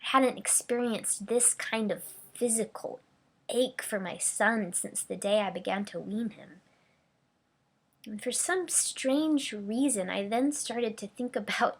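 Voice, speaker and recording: A woman preacher giving a dramatic first-person monologue as a grieving, remorseful ancient mother, her delivery swinging between hushed whispers and cries. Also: medium pitch, gravelly. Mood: anxious.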